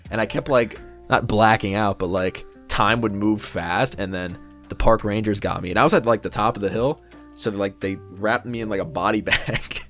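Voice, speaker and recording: A young man with a fairly low voice tells a story on a casual podcast, animated and swearing as he acts out the voices of people in it. He sounds loose and unscripted, and faint music sits underneath him. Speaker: podcast co-host.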